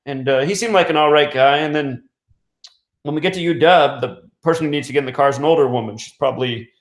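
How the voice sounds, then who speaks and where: A man's voice: a little high, fast. Rambling man in an echoey room. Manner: rambling, frequent fillers and restarts, chuckles. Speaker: radio host. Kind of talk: casual storytelling monologue. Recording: roomy echo.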